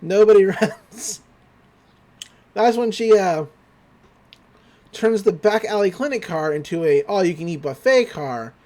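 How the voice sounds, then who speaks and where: A man's voice: high voice, animated, measured pace, long pauses, a little mellow. A young man on a podcast, casually recapping an anime episode with loose paraphrased quotes and lots of fillers. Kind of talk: casual chat.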